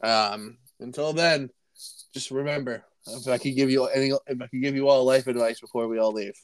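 A man's voice: medium pitch, steady tone, fairly quick, smooth, no echo. A young man co-hosting a casual sports podcast, rambling and joking with a friend. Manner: rambling, joking, restarts and laughs. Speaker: podcast co-host.

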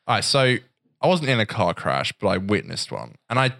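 A young man, co-hosting a casual podcast. He talks in an animated way, laughs often and swears casually. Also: on the low side, fairly quick, vocal fry. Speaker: podcast co-host. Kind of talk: casual chat.

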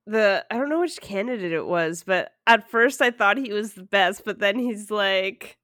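A young woman co-hosting a casual chat, animated and laughing through her stories, swearing casually. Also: mid-range voice, normal speed, few pauses, no echo, studio quality. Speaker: podcast co-host.

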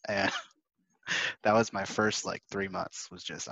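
Low-voiced young man giving sales advice. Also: a little slow, no echo. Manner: animated, acts out phone exchanges. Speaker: sales panelist. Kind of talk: casual advice chat. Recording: dry, slightly dull lo-fi audio.

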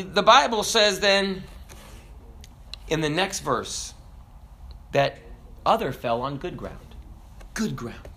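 A man in his thirties with a Southern American accent, preaching a sermon in a folksy, joking way with many questions to the congregation. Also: high voice. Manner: folksy and animated, jokes and rhetorical questions.

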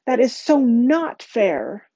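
A woman's voice: a little high, sing-song, slow, warm tone, muffled recording, pitched above the performer's own voice, heavily acted. A woman voicing an indignant schoolgirl who is outraged at being left out, drawn out and pleading.

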